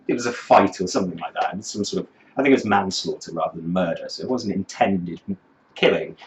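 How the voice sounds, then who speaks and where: A man with a low voice tears into a song in a scornful, profanity-laced commentary. The sound is roomy and a little dull, like a home recording bouncing off bare walls. His tone stays dry and mocking throughout. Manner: sardonic, scornful, swearing freely. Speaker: music reviewer.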